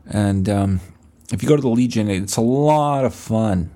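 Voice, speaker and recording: Young man, podcast host, low voice, mellow tone, rambling profane storytelling. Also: normal speed, gravelly. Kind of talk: casual solo monologue.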